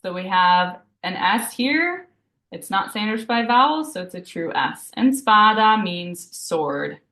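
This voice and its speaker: A woman teaching a live beginner Italian lesson, patiently explaining each rule and slowly repeating example words. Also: mid-range voice, animated, sharp tone. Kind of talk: live online language lesson. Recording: roomy echo.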